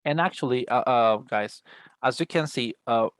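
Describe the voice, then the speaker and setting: Casting: male English teacher on a video call, mid-pitched, dry close sound, chatty and full of restarts. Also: normal speed, dry recording. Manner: explains at length, frequent restarts, addresses students as guys. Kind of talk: online class explanation.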